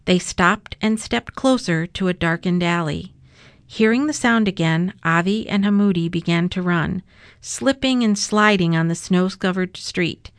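Woman gently reading a children's story. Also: fairly low pitch, unhurried, dry recording, clean studio sound. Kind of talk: reading a children's picture book aloud.

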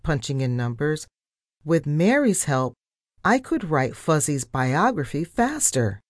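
A woman reading a children's storybook aloud, narrating and giving the characters' lines with lively expression. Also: deep voice, no echo, clean studio sound.

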